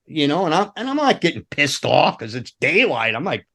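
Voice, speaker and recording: Older dude rambling roadie stories, kinda high voice, lots of swearing and laughing. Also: male voice, lively intonation, a little fast, hardly any pauses, a bit bright. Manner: rambling, profane, laughing anecdotes with voiced quotes. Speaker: guest, former rock roadie. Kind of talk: casual storytelling chat.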